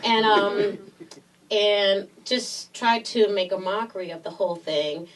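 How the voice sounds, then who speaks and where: A middle-aged woman from Brooklyn with a New York Puerto Rican accent, telling a story in an interview, animated and acting out voices. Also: mid-range voice, a little slow, recorded from a distance, rough recording. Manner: lively storyteller, acts out voices, laughs often. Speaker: guest actress.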